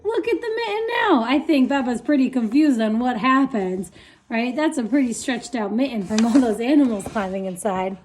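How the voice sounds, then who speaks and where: A woman reading a picture book aloud to young children, in an expressive, animated manner with sound effects. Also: fairly high pitch, moderate pace, a little hiss or hum. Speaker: storytime reader.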